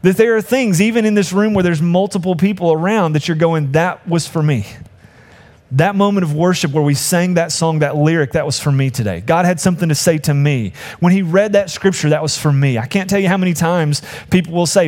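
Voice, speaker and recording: A man's voice: on the high side, a little fast, a little mellow. A man preaching a conversational sermon as pastor, acting out quoted voices with humor.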